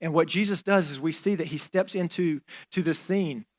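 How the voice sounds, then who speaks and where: A man's voice: a little high, normal speed. A man preaching a sermon as a pastor, in a conversational style with fillers and casual asides.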